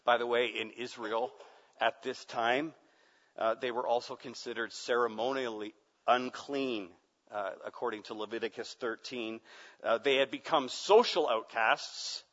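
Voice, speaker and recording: Male pastor, dramatic sermon delivery, bright tone, reverberant muffled hall recording. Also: medium pitch, flat delivery, moderate pace. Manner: dramatic, swings from hushed to loud shouting.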